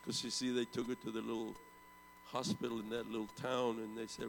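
A man in his seventies tells a story from the pulpit in a gravelly voice. He rises to loud bursts and sinks to hushed low tones, and a long hall echo trails each phrase. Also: level tone, brisk, slight background noise. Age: 70s. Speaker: preacher. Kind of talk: storytelling sermon.

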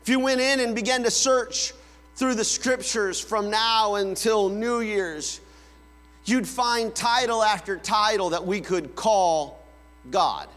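A pastor preaching with a high voice and a slow, deliberate pace. He tells family stories and playfully imitates his kids calling out. His voice rings in a big reverberant hall over a faint mains hum. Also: fairly bright tone, faint music behind. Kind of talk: sermon.

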